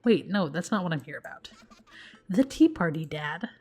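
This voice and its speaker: A woman voicing an excited young adult daughter in a dating game, talking fast and bubbly. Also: lowish voice, husky, faint music behind. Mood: exasperated.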